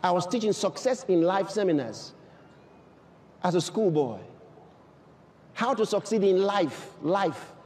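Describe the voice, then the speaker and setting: A man preaching a sermon to a live congregation, fervent and emphatic, often shouting and firing rhetorical questions at the crowd. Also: sits high, lively intonation, unhurried, pauses often, a little hiss or hum. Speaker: pastor.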